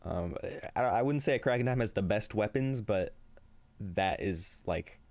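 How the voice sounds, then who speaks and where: There's no echo as a man with a lowish, darkish voice speaks at a measured pace during his casual livestream. Upbeat and often laughing, he reads chat aloud to his viewers, while sounding tired and slightly shaky.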